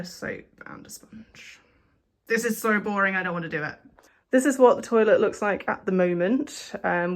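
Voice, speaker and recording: A young woman vlogging at home, chatting casually in a rambling, self-deprecating way. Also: mid-range voice. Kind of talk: casual vlog chat. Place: home, indoors.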